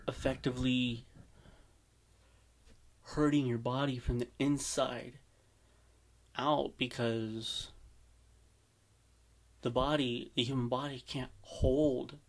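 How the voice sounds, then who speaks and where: A man's voice: mid-range voice, steady tone. A man hosting a reaction video, talking earnestly and a little shakily about what he watches. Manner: slow, earnest, shaky-voiced. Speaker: reaction host. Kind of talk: casual commentary.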